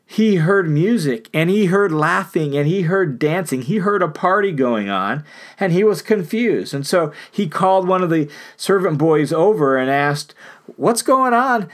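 A man's voice: on the high side, lively intonation, normal speed. A man preaching a sermon, retelling a parable in an earnest storytelling manner with emphatic repetition. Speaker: pastor.

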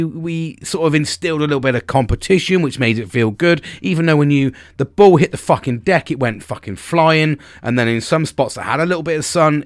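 A man's voice: on the high side, dry recording, clean studio sound. A British man in his forties hosting a casual solo podcast, rambling and swearing freely, breaking off to restart and punching out words with sudden emphasis. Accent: British English. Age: 40s. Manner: rambling, sweary and self-interrupting, with bursts of emphasis. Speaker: podcast host.

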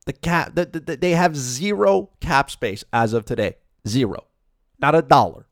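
A man's voice: medium pitch, dry recording, studio quality. A man giving an opinionated hockey talk monologue, emphatic and repetitive, firing off rhetorical questions. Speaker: hockey commentator.

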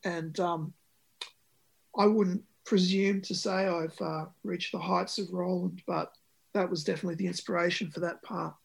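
A man's voice: high-pitched, steady tone, moderate pace, creaky, husky. A man, a musician talking about his record in an interview, with many ums and restarts. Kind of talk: conversational interview.

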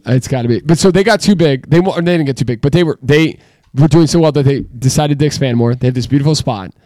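A man on a casual podcast, talking in a chatty, emphatic way and piling one story on the next. His voice sits at an ordinary pitch, and the sound is dry and close with no room echo. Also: fast talker, mellow. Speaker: podcast co-host. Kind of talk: casual chat.

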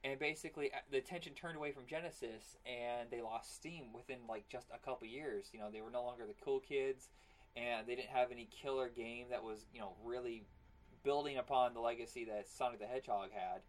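A man's voice: mid-range voice, fairly even intonation, a little fast. A man co-hosting a casual podcast, rambling and joking, his voice strained and partly worn out. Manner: rambling and jokey, prone to silly voices. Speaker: podcast co-host. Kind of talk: casual chat.

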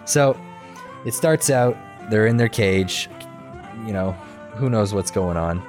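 A man with a fairly low voice in relaxed podcast chat, retelling a cartoon plot in a rambling, animated way. He slips into quick quoted voices and laughs as he goes. Soft music sits faintly underneath. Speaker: podcast co-host recapping a cartoon episode. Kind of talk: casual chat.

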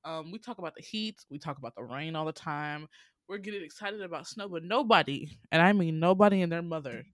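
A woman from Georgia with a Southern accent hosts a podcast, speaking low and quick in a dry recording. She tells stories casually and profanely, animated and full of dramatic swings in her voice.

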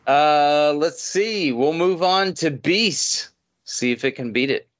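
A man hosting a casual movie podcast, reading out film facts slowly and swearing offhandedly. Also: on the high side, dull audio. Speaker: podcast host.

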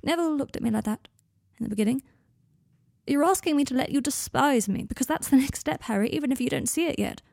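An anxious, defensive young man pleads in a high, strained voice, as a woman reading the story puts him on. The tone is dark and gravelly, recorded dry and close. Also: steady tone, quick pace, few pauses, no room sound. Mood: distressed.

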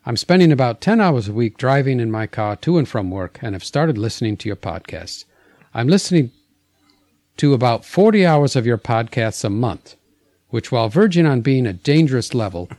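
A man's voice: mid-range voice, animated, moderate pace, a little mellow, no echo, natural voice. Hammy mock Aussie outback man, a male host doing the accent, dry close sound. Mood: earnest. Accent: mock Australian. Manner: hammy put-on reading of a fan letter. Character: rough-voiced Australian outback man, long-haul commuter. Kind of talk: podcast letter reading.

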